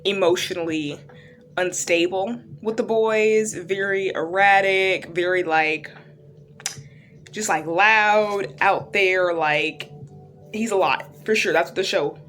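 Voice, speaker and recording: Woman, lowish voice, casual reaction vlog, chatty and rambling, faint music underneath. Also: a bit bright. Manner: chatty, loose, lots of fillers and "like". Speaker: true-crime reaction vlogger. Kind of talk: casual retelling of a TV series.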